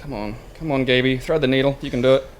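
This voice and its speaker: A man's voice: medium pitch, fairly even intonation, quick pace. A man playing a video game and chatting casually, muttering dry remarks and swearing at the game. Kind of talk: casual let's-play chat. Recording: background noise.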